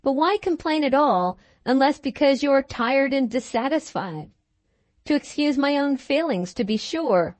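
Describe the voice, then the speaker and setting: A woman's voice: high voice, animated, unhurried, no echo. A woman voicing a bluff, hearty young husband in a storybook, jovial and teasing. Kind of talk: storybook dialogue.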